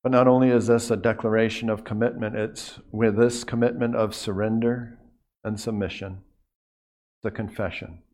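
Earnest male pastor preaching softly. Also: on the low side, flat delivery, normal speed. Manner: earnest, drops to a hush on key phrases, repeats words. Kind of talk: sermon.

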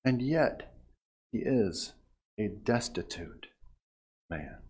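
A man preaching an expository sermon with measured pauses, dropping to a hush and then rising to emphatic declarations. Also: mid-range voice, animated, breathy edge. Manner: dramatic swings from hushed to emphatic; measured delivery with long pauses.

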